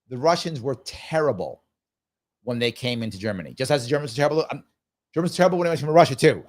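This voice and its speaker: A man in his fifties hosts a live stream and answers viewer comments as he reads them. He talks casually and thinks aloud, circling back over his own phrases. His voice sits at an ordinary middle pitch. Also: fairly bright tone. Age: 50s. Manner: casual, musing, repeats phrases. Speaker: show host.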